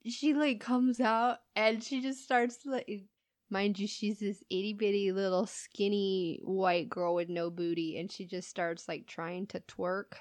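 Woman, podcast co-host, casual storytelling, laughs a lot, swears, slow, dry sound. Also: medium pitch, no room sound. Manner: laughing often, animated quoting of people.

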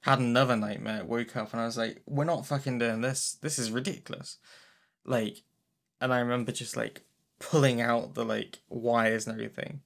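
A young man tells a story with animation, often acting out what he said. He swears casually. His pitch is in the middle range for a man. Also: moderate pace, vocal fry. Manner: animated storyteller, acts out his own lines, swears freely.

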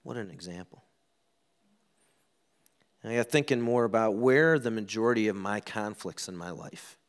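A middle-aged man preaching a sermon, telling stories and acting out quoted lines with lively ups and downs. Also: lowish voice, normal speed. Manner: animated storytelling, acts out quotes. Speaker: pastor.

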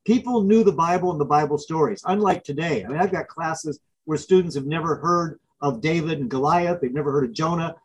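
Husky, animated male storyteller guest. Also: fairly high pitch, fairly quick, hardly any pauses, rough recording. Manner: animated storyteller, acts out film scenes. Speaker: author and professor. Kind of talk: interview guest.

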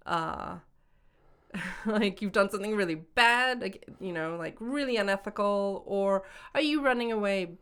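Young woman cohost rambling along, lots of likes and ums, smooth clear tone. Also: mid-range voice. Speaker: podcast co-host. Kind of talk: casual chat.

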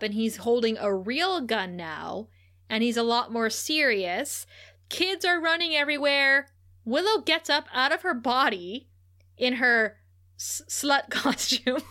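Bright-voiced, giggly woman recapping. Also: fairly high pitch. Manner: animated, giggly storytelling. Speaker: podcast co-host. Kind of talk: casual TV episode recap chat.

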